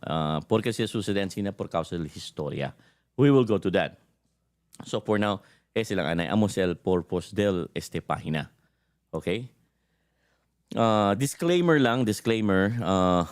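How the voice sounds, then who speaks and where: A low-pitched man hosts a casual livestream about language. He switches between languages mid-sentence, pausing on fillers and restarting phrases as he works through his points. His voice sounds dry and close, with no room around it. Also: clear, resonant tone, dry recording. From Zamboanga, Philippines. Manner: mixes languages, many fillers and restarts, thinks aloud. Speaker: host of a language page.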